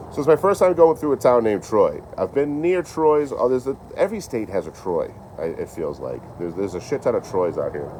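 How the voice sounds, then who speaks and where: A young man with a very low voice tells loose, swear-filled road stories in a casual live-stream ramble. He is recorded outdoors on a phone, and clear background noise runs under his voice. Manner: rambling, profane storytelling. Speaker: train-hopping traveler vlogger.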